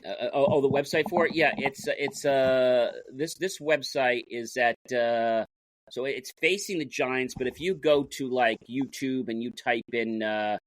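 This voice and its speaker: A man with a mid-range voice, recorded with no room sound, speaks at a measured pace as a guest in a casual interview. He talks energetically, retelling stories by acting out the dialogue and often restarting his sentences.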